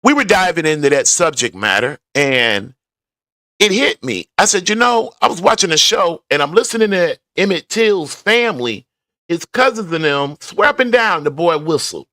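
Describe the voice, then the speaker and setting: Speaking to his viewers in a conversational, rambling way, a man vlogs about driving to work from a garage. His slightly high voice is very animated, bright and forceful, at a moderate pace. Studio quality, no echo.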